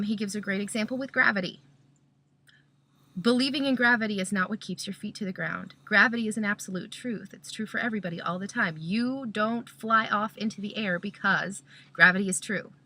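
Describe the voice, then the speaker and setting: A woman's voice: mid-range voice, sharp tone. A Christian mother giving a casual spoken talk, explaining step by step and often checking in with "okay?".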